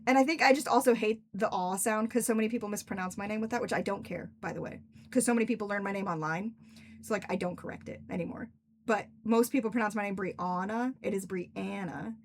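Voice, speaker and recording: A woman's voice: mid-range voice, fast, a little hiss or hum. Chatty young woman streamer. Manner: rambling, chatty, laughs often. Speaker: author and streamer. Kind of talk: casual chat on a livestream.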